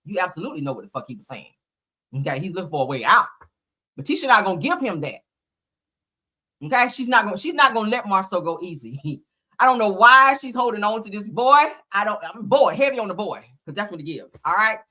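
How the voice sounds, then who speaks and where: Speaking quickly with lively intonation and a bright, forceful tone at medium pitch, this woman hosts a live show about reality TV. She's blunt, profane and emphatic, reading viewer comments aloud and laughing often.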